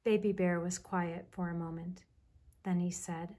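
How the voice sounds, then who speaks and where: Breathy woman reading a children's story. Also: fairly low pitch, steady tone. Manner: measured, soft narration.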